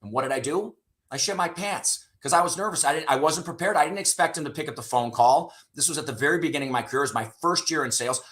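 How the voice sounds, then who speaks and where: Fast and fairly bright, with a voice on the high side, a middle-aged sales leader guests on an interview show. He tells stories candidly, swears casually, and regularly finishes points with "right?".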